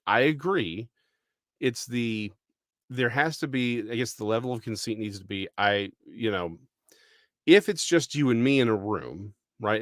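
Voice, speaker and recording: A man's voice: medium pitch, no room sound, clean studio sound. Thoughtful, rambling man from Texas. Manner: thoughtful, rambling, full of restarts. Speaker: podcast co-host. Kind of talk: casual discussion.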